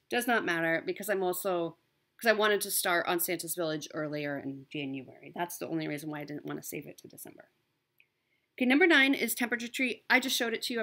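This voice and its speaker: A woman's voice: medium pitch, fairly bright tone. A woman chatting casually as a cross stitch vlogger, upbeat and talkative, with frequent ums and self-corrections. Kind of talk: casual show-and-tell chat.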